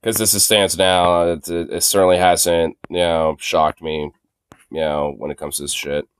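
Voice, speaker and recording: A man's voice: deep voice, little pitch movement, normal speed, clear, resonant tone. A male co-host in casual, profane banter, rambling and laughing often as he reacts to clips. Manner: laughing, rambling, swears a lot.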